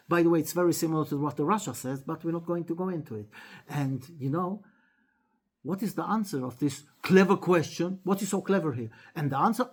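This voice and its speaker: Animated man teaching a lesson. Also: husky. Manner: animated storyteller, acts out dialogue with sharp pitch jumps; halting, frequent restarts and fillers. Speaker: rabbi teaching a weekly class. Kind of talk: animated Torah lesson with storytelling.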